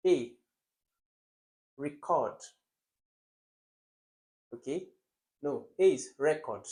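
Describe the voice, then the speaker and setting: Lively man teaching an exam lesson. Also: mid-range voice, rough recording. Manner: lively, emphatic, quizzes viewers with rhetorical questions. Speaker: exam prep tutor. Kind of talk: classroom-style exam lesson.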